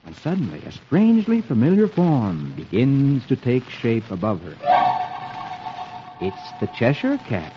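A man hosting an old radio show, reading comics aloud as a jolly, animated storyteller. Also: medium pitch, measured pace, background noise. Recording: dull lo-fi old radio recording with music. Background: music.

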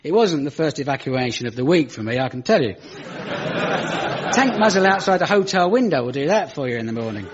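A young British man doing stand-up storytelling on stage, dry and ironic, rising into high exasperated rants. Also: big pitch swings, normal speed, heavy background noise. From Britain. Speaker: comedian. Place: stage before a live audience. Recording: muffled live stage recording with audience.

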